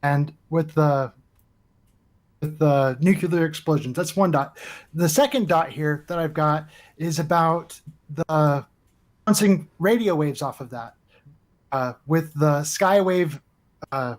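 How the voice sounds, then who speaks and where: A man calling into a livestream debate, easygoing and quick to laugh, stringing his points together in loose chains. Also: a little high. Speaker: guest caller. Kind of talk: casual debate chat. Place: home with chickens right outside.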